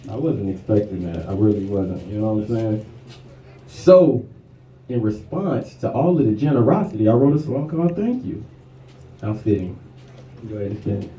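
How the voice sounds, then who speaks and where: A man's voice: fairly low pitch, lively intonation, moderate pace, warm tone, muffled recording, slight background noise. A man who raps, talking to a live audience between songs in a casual, slangy way. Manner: laid-back, slangy, conversational. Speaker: rapper performing live. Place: live music venue. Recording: echoey room, mic at a distance, music behind.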